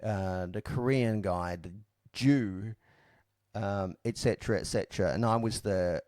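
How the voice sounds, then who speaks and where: Low-voiced man, dry and frank. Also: steady tone, normal speed, a little mellow, no echo. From Australia. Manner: reflective, frank, with frequent fillers and restarts. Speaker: podcast guest telling his story. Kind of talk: casual storytelling.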